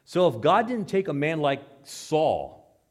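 A pastor preaching a sermon, reading scripture aloud dramatically and dropping into quiet asides, asking the congregation questions. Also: male voice, a little high, very animated, slow pace. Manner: dramatic, swings between loud scripture reading and hushed asides.

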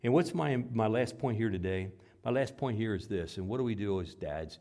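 Preaching man, loud then hushed. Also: expressive, moderate pace. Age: adult father. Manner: preaching with big swings from loud emphasis to quiet, low asides. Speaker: pastor. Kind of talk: sermon.

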